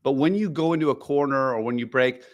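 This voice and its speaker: A man's voice: medium pitch, fast talker, muffled recording. A man co-hosting a podcast, explaining things in a rambling way with lots of fillers and restarts. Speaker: podcast co-host. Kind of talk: casual chat.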